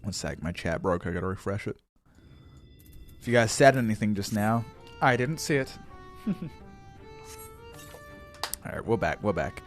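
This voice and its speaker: A young man streams a game live and chats casually, laughing, swearing and tripping over his words. His voice is fairly low and animated, with a measured pace and frequent pauses. Faint game music plays in the background.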